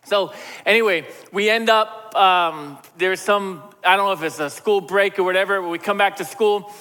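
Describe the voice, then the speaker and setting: A man's voice: sits high, normal speed, bright, forceful tone. A middle-aged man, a pastor, preaching a sermon in a casual, joking way and acting out the voices he quotes. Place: large church hall. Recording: long hall reverb.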